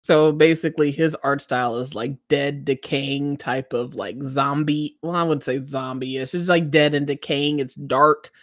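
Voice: medium pitch, measured pace, few pauses, no echo, studio quality. A co-host in a casual chat, telling stories with animation and breaking into squealing impressions of other people. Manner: animated storyteller who mimics others with squeals.

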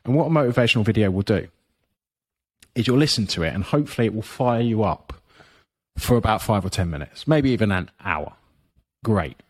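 A man's voice: on the low side, lively intonation, a little fast. Blunt, swearing man. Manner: blunt and profane, frequent you-knows. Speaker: guest, fitness business coach. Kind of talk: podcast interview, motivational talk.

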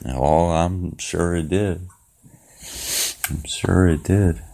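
A man's voice: low-pitched, fairly even intonation, very slow, creaky, mellow. A man interviewing a guest, giving brief, laid-back reactions in a casual talk.

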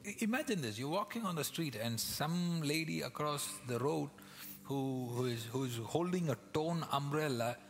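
A male pastor preaching a sermon, swinging between loud acted-out quotes and hushed whispers. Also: on the high side, slight background noise. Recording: long hall reverb with music behind.

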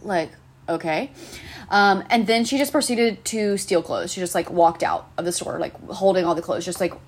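A woman's voice: fairly low pitch, moderate pace. Young woman podcast host, casual rant, sarcastic and foul-mouthed, lots of ums. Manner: profane, rambling, sarcastic, lots of fillers. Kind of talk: casual venting monologue.

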